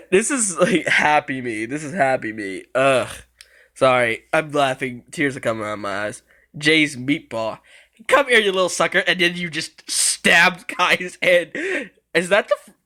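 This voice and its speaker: A man's voice: fairly high pitch, bright, forceful tone. A man giving casual reaction commentary on show clips, laughing often between lines and swearing casually.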